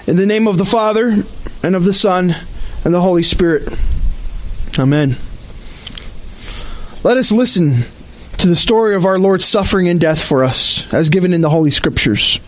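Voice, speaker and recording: A man with a notably high voice leads worship as pastor at an outdoor service. He reads the scripture slowly and solemnly, giving each phrase careful weight. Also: expressive, poor audio. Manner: slow, measured, solemn reading. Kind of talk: liturgical scripture reading.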